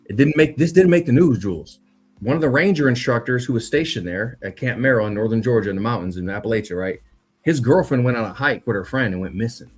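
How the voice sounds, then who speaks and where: A man's voice: medium pitch, slightly rough. A man telling a spooky story in a loose, profane, slang-heavy casual chat, talking directly to his co-host. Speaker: podcast co-host.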